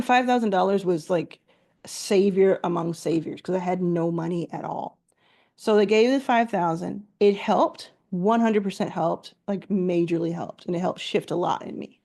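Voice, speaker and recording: A woman's voice: lowish voice, mellow. A middle-aged woman, a founder and investor, telling a candid personal story as motivational advice, with fillers and restarts.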